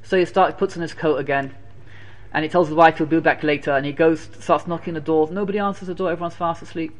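A man delivers a sermon as a lively story, often repeating phrases for effect. His voice sits a touch higher than most men's, and he mixes Hebrew and Yiddish terms into his English. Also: fast talker. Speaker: preacher telling a Torah story.

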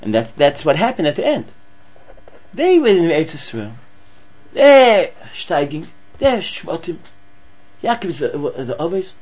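Man, husky and high-pitched Torah teacher, excitable with many restarts, lo-fi hum. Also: measured pace. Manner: excitable, repeats and restarts words. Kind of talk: animated Torah lesson.

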